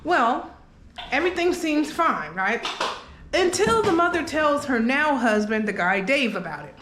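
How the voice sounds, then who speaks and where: A woman's voice: sits high, very animated, unhurried, noisy background. A woman vlogger telling a story in a casual, chatty way, often checking in with her listeners. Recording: roomy echo.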